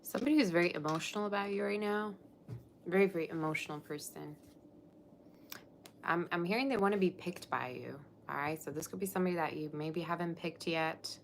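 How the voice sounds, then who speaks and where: A woman's voice: lowish voice, a little fast, a little hiss or hum. A woman tarot reader chatting casually on a live stream, scattered and often interrupting herself.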